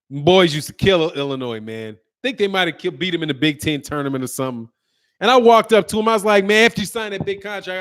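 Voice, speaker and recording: A man's voice: high-pitched, a bit bright. A middle-aged man from the Chicago area, bantering casually and trash-talking with a joking tone on a boxing live stream, laughing often.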